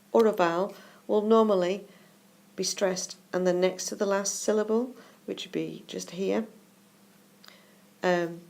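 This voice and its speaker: A woman teacher walking through exam answers on a whiteboard video, patient and methodical, slowing down to stress key words. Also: on the low side, a little mellow.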